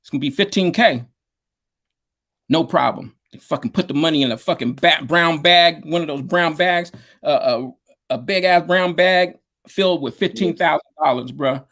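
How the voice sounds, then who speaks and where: Gravelly-voiced man telling a story. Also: a little high, moderate pace, a bit bright. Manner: rambling, lots of fillers, slangy. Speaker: guest, DJ and producer. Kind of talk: casual storytelling interview.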